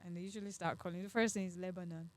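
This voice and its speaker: A young woman from Dagestan in Russia with a Russian accent, a guest in a casual podcast interview, animated and quick to laugh, dropping bits of Nigerian Pidgin. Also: fairly low pitch, dry recording. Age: young adult.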